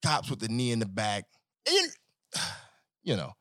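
A man hosting a podcast in a casual solo monologue, profane and animated, swinging between joking and earnest talk. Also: fairly low pitch, a little slow, no echo, studio quality. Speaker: podcast host.

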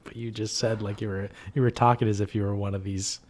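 A man's voice: on the low side, flat delivery, a little mellow. A man co-hosting a casual film podcast, teasing his co-host and laughing often. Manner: teasing, laughs often, quick back-and-forth.

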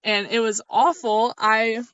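A woman's voice: fairly high pitch, flat delivery, slow, a bit bright, clean tone, no echo. A young woman co-hosting a podcast, telling a rambling story in casual chat and laughing often. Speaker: podcast co-host. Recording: slightly dull lo-fi audio, dry.

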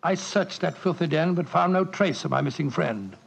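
An earnest narrator. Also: male voice, on the high side, lively intonation, gravelly, slightly rough, full character voice. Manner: earnest, measured, dramatic narration. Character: earnest male doctor narrator, proper and upright. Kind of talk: 1940s radio drama narration. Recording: dull old radio recording with music.

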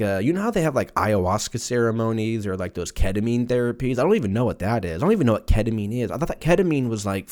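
Animated profane man in his thirties. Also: fairly low pitch. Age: 30s. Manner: profane, rambling, jokey, puts on silly voices for quotes. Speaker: podcast host. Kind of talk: casual solo podcast rant.

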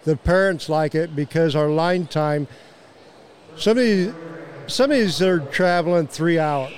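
A man's voice: on the high side, a little slow. A man with a Midwestern American accent who organizes youth archery, explaining tournament logistics in casual conversation. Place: outdoor venue at a fairgrounds.

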